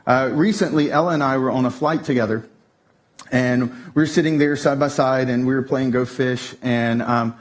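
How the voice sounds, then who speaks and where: A man preaching a sermon, telling a family story with lively shifts up into a tense, excited delivery. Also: moderate pace. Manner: animated storytelling, voice jumps high when telling the tense part. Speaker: pastor. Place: church stage.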